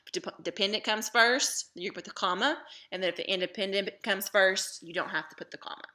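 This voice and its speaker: A woman teaching a recorded grammar lesson, taking her time and leaning on key terms. Her voice is bright and forward, pitched in a middle range. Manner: explains slowly and patiently, stresses key terms.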